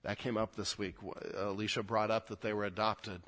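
This sermon comes from a middle-aged pastor whose fairly low voice shows little pitch movement and moves fairly quickly. He alternates between booming scripture reading and hushed, intimate asides, frequently repeating words when he starts over.

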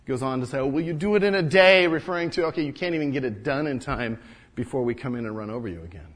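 Speaking quickly in a natural, medium-pitched voice, a man delivers a first-person biblical character monologue. He is an earnest, indignant wall-builder and father in ancient Jerusalem, and he trips over words he repeats.

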